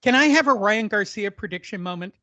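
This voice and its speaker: A man's voice: high voice, lively intonation, a little fast, sharp tone, dry recording, dull audio. A man hosting a boxing podcast, joking around and swearing in casual chat. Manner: joking, self-mocking, crude. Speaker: podcast host.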